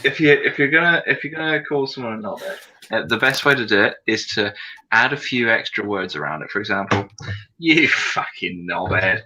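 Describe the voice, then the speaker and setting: Man, playful guest, bright and very animated, light noise. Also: mid-range voice, fast, poor audio. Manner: teasing, playful, laughs a lot. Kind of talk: casual live-stream chat.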